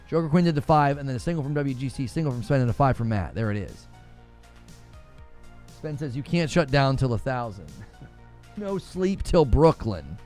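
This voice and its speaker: A man, hosting a gaming livestream, joking with his chat and laughing often. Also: sits high. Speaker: gaming channel host.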